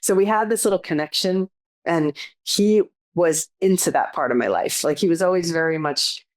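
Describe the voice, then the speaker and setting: Low-voiced woman in reflective chat. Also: moderate pace. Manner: reflective, rambling, fond. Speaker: podcast co-host. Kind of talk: casual chat.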